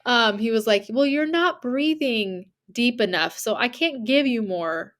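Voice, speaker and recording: A woman's voice: on the high side, measured pace. A young woman co-hosting a podcast, telling a story in casual chat and acting out the people in it. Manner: animated retelling with quoted voices and laughter. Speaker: podcast co-host.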